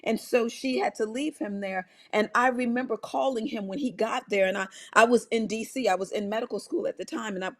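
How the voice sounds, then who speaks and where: Middle-aged woman doc telling a family story, bit high voice, chatty, keeps restarting lines. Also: fairly quick, few pauses. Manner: animated storytelling with many restarts and "like". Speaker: doctor and health coach. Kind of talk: personal story in a health talk.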